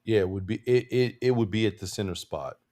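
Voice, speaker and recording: Man, podcast co-host, laid-back, wry, low-key. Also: brisk, mellow. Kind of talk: casual sports chat.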